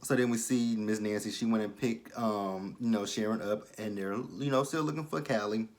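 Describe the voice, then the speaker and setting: Animated, profane young man recapping a show. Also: on the low side, normal speed. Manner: animated, profane, acts out the characters' lines. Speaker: TV episode reviewer. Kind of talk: casual recap and commentary.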